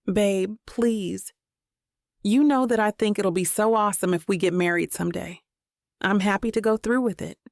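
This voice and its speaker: Woman narrator doing laid-back young boyfriend, affectionate, relaxed, gravelly texture, dry recording. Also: mid-range voice, normal speed, no echo, natural voice. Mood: easygoing. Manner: relaxed, calls her babe. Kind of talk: audiobook narration.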